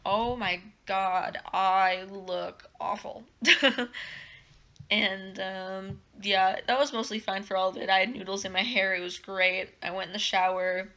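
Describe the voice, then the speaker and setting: A woman's voice: mid-range voice, pushed and bright. A young woman vlogger telling a casual story time in a rambling, giggly way, with lots of fillers.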